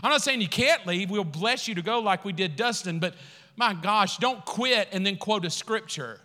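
A man pastor preaching a sermon, telling a story with lively acted-out quotes before turning quiet and earnest. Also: high voice, moderate pace. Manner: animated storytelling, acting out quotes, laughing, then quiet and earnest. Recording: long hall reverb.

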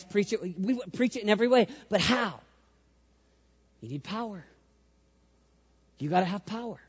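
A man's voice: sits high, slightly rough, lo-fi sound. A man preaching a sermon as pastor, emphatic and repetitive, leading the crowd in responses.

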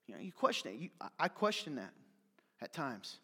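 A man preaching a sermon as pastor, fired up and yelling at times, then dropping to soft, confiding asides. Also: mid-range voice, very animated, a little fast, slightly rough, long reverb tail.

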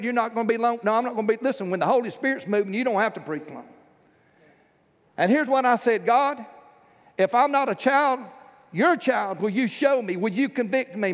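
A man's voice: very high-pitched, fairly bright tone, big-room sound, highs cut off. A man preaching a sermon in a church, telling stories with emphatic, fervent delivery. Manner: storytelling, emphatic, rising to fervent peaks. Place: church sanctuary.

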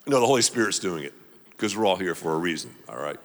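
A man preaching a sermon, leading the congregation to repeat lines back to him in an animated way. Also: low voice, fast talker, big-room sound. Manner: animated, call-and-response with congregation. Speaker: pastor.

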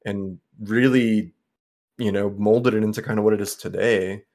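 A man's voice: fairly low pitch, fairly even intonation, moderate pace, a little mellow. A young man co-hosting a podcast in casual chat, rambling with lots of filler words and the odd swear. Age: young adult. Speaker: podcast co-host.

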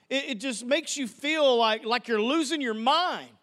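A man's voice: extremely high pitch, unhurried, a bit bright. A male pastor preaching a sermon in a church, telling stories with humor and repeating phrases. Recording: long reverb of a large hall.

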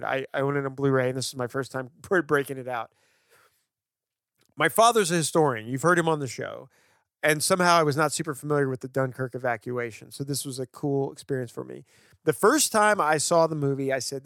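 A man co-hosting a podcast, chatting about movies with enthusiastic, animated storytelling. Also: mid-range voice, fast talker, clear, resonant tone, dry recording, clean studio sound. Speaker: podcast co-host. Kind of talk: casual film discussion.

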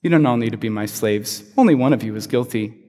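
A man putting on a lowered, offhand voice as a powerful ruler calmly testing his brothers. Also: fast talker, long reverb tail, lightly acted.

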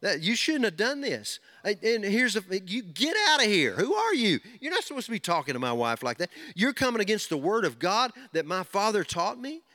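Preacher doing an indignant husband, loud and pushy, kinda high-voiced guy. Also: big pitch swings, moderate pace, hardly any pauses, exaggerated voice. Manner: forceful, raised challenging questions. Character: indignant young husband confronting an intruder.

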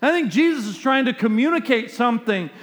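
A high-pitched man preaching a sermon with animated, story-driven delivery and acting out each scene. His voice carries a long hall reverb. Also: brisk.

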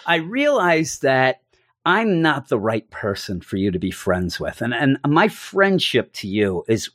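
A man co-hosting a casual podcast chat, animated and laughing as he acts out scenes. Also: medium pitch, no echo, clean studio sound. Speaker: podcast co-host. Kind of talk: casual comic book discussion.

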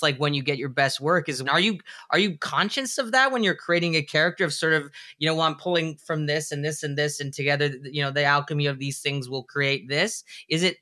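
A man's voice: a little high, pushed and bright. A man hosting an interview podcast, chatty and thinking aloud through long questions. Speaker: podcast host. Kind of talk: casual interview talk.

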